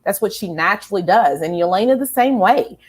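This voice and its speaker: A woman's voice: mid-range voice, lively intonation, fairly quick, breathy edge. A woman hosting a casual pop culture chat, enthusiastic and rambling, with many fillers and restarts. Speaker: host.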